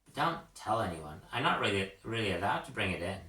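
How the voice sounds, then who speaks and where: A man's voice: on the low side, sing-song, brisk, bright, forceful tone. A man reading a storybook, voicing a casual, twanging young American girl. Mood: chatty. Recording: roomy echo, mic at a distance.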